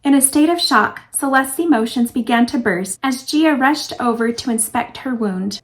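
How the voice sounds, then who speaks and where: High-voiced woman reading her novel. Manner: clear, measured storytelling. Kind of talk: audiobook-style novel reading.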